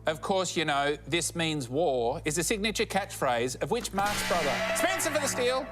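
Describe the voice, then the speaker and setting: A man's voice: on the high side, very animated, normal speed. A man hosting a quiz show in a TV studio, dry and mocking as he teases contestants. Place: TV studio before a live audience. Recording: TV studio with loud live audience and music.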